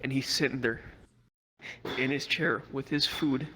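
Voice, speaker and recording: A man doing stand-up, telling a rambling, profane story with quick acted quotes in a virtual comedy club. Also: medium pitch, fairly even intonation, pushed and bright, slight background noise.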